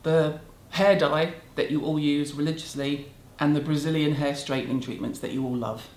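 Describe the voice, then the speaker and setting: A woman's voice: low voice, fairly even intonation, normal speed, a little mellow, a little hiss or hum. A middle-aged woman with a British accent, ranting bluntly and sarcastically to camera in a casual beauty vlog. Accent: British English. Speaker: beauty vlogger. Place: home room in a city. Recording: roomy echo.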